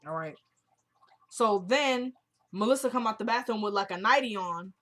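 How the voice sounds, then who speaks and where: A woman's voice: a little high, moderate pace, fairly bright tone. A woman casually recapping a TV episode for viewers, retelling each scene line by line with "he goes, she goes" and stopping to give her own blunt opinions. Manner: chatty and opinionated, talks straight to viewers.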